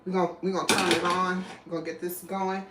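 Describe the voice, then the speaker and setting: A woman's voice: lowish voice, level tone, fast talker. A woman hosting a live cooking stream in her kitchen, chatting casually and rambling as she greets viewers and reads out their comments. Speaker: cooking livestream host. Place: home kitchen. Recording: echoey room, faint background noise.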